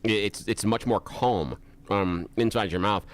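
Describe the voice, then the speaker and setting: Lower-voiced man gushing over food. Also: a little slow. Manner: effusive, enthusiastic food praise. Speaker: radio co-host. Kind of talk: casual radio chat.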